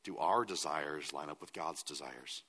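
Deep-voiced pastor preaching in a hall. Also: male voice, moderate pace, pushed and bright, slightly rough. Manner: earnest, builds to emphatic. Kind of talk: sermon.

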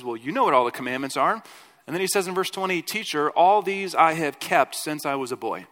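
A man's voice: medium pitch, long reverb tail. A male pastor giving a conversational sermon, often acting out quotes and talking through restarts and fillers. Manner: conversational, animated quoting, frequent "like" and restarts. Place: church.

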